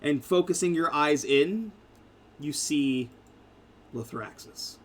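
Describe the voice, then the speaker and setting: A man narrating a tabletop game as game master, in a casual, halting way with fillers. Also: fairly high pitch, fairly bright tone.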